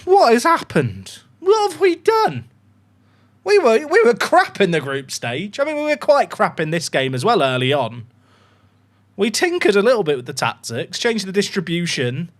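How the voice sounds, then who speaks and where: A young man giving excitable, chatty live commentary while streaming a football management game, swearing casually as he talks to his chat. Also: high voice, normal speed. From England.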